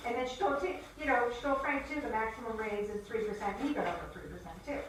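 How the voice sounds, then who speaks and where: A woman's voice: on the high side, fast talker. A middle-aged woman gossiping on a phone call, chatty and repeating herself, recorded secretly from across the room. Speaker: bank employee on a phone call. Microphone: hidden phone from across the room. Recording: distant, echoey secret recording with background hiss.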